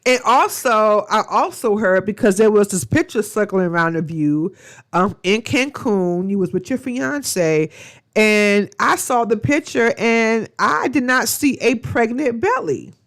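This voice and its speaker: A woman's voice: medium pitch, animated, measured pace. A woman reviewing a reality show in a casual, gossipy vlog, blunt and profane with rambling asides.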